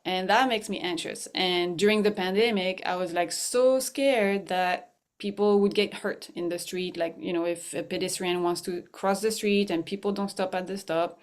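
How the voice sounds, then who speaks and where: A woman's voice: fairly low pitch, clean tone. Chatty, laughing woman teaching mindfulness. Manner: chatty, laughs often, many restarts and fillers. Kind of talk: conversational storytelling.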